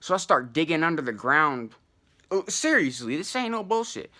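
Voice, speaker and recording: A young man recounts a personal misadventure in loose, slangy talk, swearing freely and tossing in asides. His voice sits a touch high and rings bright and punchy. The delivery is animated and peppered with fillers. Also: moderate pace. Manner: profane slang-heavy, animated, many fillers. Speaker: channel host telling a personal story. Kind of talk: casual storytelling to camera.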